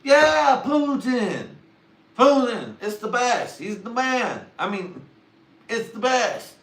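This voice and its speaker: A man voicing a brash, excitable guy who raves about his favorite dish. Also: very high-pitched, slow pace, reverberant, distant mic, voice pushed up, full character voice. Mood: gushing. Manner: brash, hyped-up, insistent. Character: loud excitable man raving about poutine.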